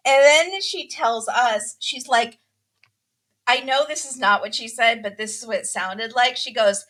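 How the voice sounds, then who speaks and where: A woman hosts a casual podcast chat, telling a story with animation and acting out quotes. Her voice is bright and sits a touch high. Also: a little slow. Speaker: podcast host. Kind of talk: casual chat, recapping a reality show.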